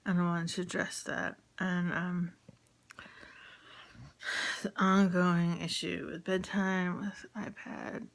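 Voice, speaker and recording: A woman with a somewhat low voice talks through a casual spoken diary for her partner. She pauses often on fillers and slips into hushed, whispered stretches as she goes. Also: creaky. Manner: hesitant, with many fillers, often dropping to a whisper. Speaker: mother recording a message to her partner.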